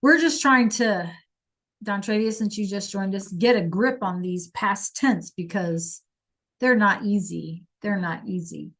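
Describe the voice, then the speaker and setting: Slow, encouraging woman teaching online. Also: medium pitch, a bit bright. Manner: encouraging, praises students by name. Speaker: Spanish teacher. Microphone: video call.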